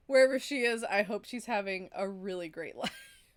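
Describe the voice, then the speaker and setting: A woman's voice: medium pitch, lively intonation, moderate pace. A woman streaming a story game live, chatting casually and laughing often between her remarks.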